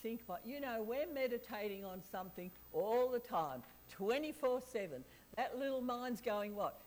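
A woman preaching a sermon, lively and chatty, often asking the audience questions and laughing. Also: a little high, moderate pace, few pauses, a little hiss or hum, low-quality recording.

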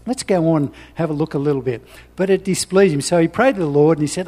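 A man's voice: fairly high pitch, quick pace, darkish tone, long reverb tail. A man preaching a sermon, reading scripture and talking personally in a conversational way with frequent restarts.

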